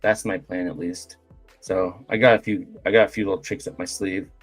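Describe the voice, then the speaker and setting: A man's voice: low voice, fairly even intonation, fairly quick, soft background music. A man hosting a live-streamed podcast, loose and joking, full of fillers and the odd swear. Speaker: podcast host.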